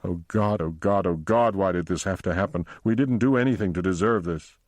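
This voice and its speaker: A man's voice: low voice, sing-song, normal speed, no echo. A man reading the part of a distraught husband who pleads and breaks with grief in an audiobook. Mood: anguished. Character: distraught husband, trying to stay strong.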